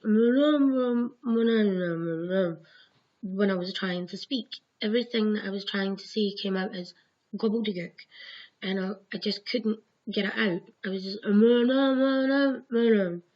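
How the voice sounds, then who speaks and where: Husky lady rambling thru a story, swears a lot, kinda muffled lo-fi sound. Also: mid-range voice. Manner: rambling, swears freely, acts out her own past lines. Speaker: vlogger telling her own dream experiences. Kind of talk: casual storytelling to camera. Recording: dull lo-fi home recording.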